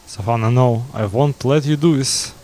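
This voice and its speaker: A man's voice: mid-range voice, normal speed, mellow, lightly acted. A man reading out a heartbroken young male adventurer in a plain voice. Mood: pleading.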